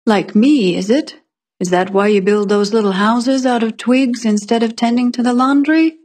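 A woman's voice: fairly high pitch, moderate pace, darkish tone, lightly acted. A woman reading as a cheerful craftsman. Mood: good-natured. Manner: cheerful, teasing. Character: good-natured middle-aged man, a craftsman.

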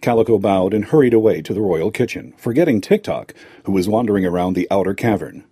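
A man narrating a fairy tale aloud in a lively storytelling manner. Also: on the low side, fast talker, breathy edge, no room sound, clean studio sound.

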